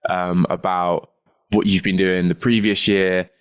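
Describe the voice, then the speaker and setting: Matey, low-voiced man on a video call. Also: level tone, measured pace, clean tone. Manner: matey, peppers speech with "mate". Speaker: podcast guest, drummer. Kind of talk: casual chat over video call.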